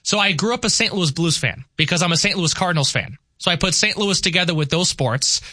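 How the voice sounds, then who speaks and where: A man's voice: high-pitched, brisk, pushed and bright, no room sound, clean studio sound. A man with a New York accent, talking animatedly and emphatically as a guest on a radio show. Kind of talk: casual radio chat.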